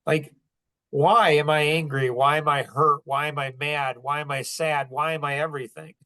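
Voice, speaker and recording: A man's voice: a little high, little pitch movement, moderate pace, bright, forceful tone. A man in his sixties telling personal stories in a casual, reflective podcast chat, earnest and rambling, often saying "like". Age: 60s. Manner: earnest, rambling, heavy use of "like". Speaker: podcast host.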